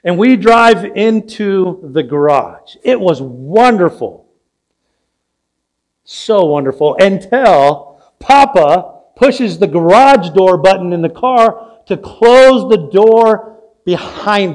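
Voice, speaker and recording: Older male pastor with a high voice, preaching in a storytelling way. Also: animated, takes it slowly, darkish tone. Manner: storytelling, asks the audience questions. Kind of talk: sermon. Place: church sanctuary.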